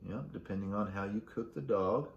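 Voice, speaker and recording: A man with a fairly low voice runs a casual solo podcast, reading out facts and throwing in crude jokes. His voice bounces around an echoey room. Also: normal speed, vocal fry, muffled recording, a little hiss or hum. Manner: crude joking while reading facts aloud. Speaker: podcast host.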